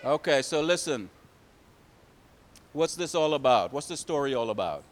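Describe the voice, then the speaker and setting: Man, storyteller for kids, lively pitch, asks questions. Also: moderate pace. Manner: animated, asks the children questions. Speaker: storyteller to children. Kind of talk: picture-book storytelling to kids.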